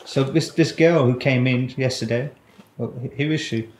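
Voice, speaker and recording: A man interviewing someone for a documentary, asking calm, direct questions. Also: mid-range voice, moderate pace. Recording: echoey room with faint noise.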